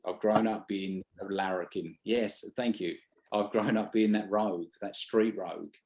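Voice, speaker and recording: A man's voice: on the low side, steady tone, normal speed, a little mellow. A man with a British accent, a stage hypnotist talking bluntly in an interview and often restarting his sentences. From Britain. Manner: blunt, swears freely, restarts mid-sentence. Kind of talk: casual interview chat.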